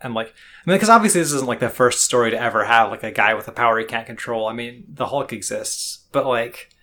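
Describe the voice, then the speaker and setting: Male podcast co-host, casual and rambling, full of fillers, mid-pitched. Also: quick pace, sharp tone. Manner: rambling, heavy with fillers and restarts. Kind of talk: casual chat.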